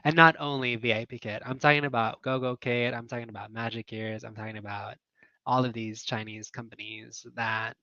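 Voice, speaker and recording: Male coach on a casual live stream: earnest and emotional, bright tone, dry close sound. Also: medium pitch, fairly even intonation, fairly quick, no echo, highs cut off. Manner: earnest, emotional, many fillers and laughs. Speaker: online teaching business coach. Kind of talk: casual livestream chat.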